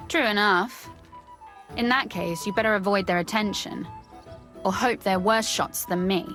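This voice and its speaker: Woman playing a wry young game heroine, dry and teasing, mid pitch, soft music behind. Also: unhurried, close to an everyday voice. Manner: dry, teasing, then tender. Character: wry young woman saying a fond farewell. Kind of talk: video game dialogue.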